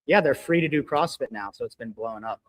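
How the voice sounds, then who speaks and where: A man telling stories in an animated, profane way during a casual live podcast chat, recorded at a gym. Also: medium pitch, fast, dry recording, rough recording. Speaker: gym owner and regular co-host.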